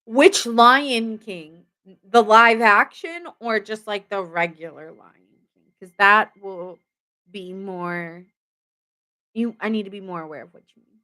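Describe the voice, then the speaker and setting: A woman's voice: medium pitch, unhurried, bright, forceful tone. A young woman giving a casual live tarot reading. She rambles, laughs often and chats with her viewers. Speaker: tarot reader.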